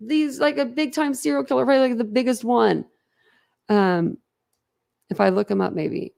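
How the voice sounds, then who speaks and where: Her voice sits on the high side, creaky and a bit mellow, at a moderate pace. As host of a livestream, she chats bluntly and casually with viewers, laughing frequently and wandering off topic.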